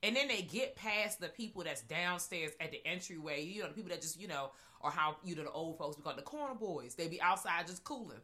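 A woman co-hosting a podcast, chatting casually and profanely about a horror film, cackling and animated. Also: lowish voice, a little fast, hardly any pauses. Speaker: podcast co-host. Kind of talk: casual chat.

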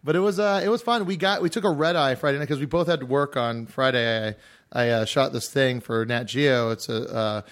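A man's voice: medium pitch, a little fast, a bit bright. Rambling man telling stories on a podcast. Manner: rambling, filler-heavy storytelling. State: hoarse after a day of screaming. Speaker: podcast host. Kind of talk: casual chat.

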